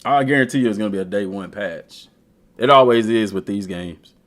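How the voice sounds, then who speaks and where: A man's voice: on the low side, brisk. A man chatting casually and trash-talking as a gaming streamer. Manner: animated, trash-talking, slangy. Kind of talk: casual chat while browsing a game.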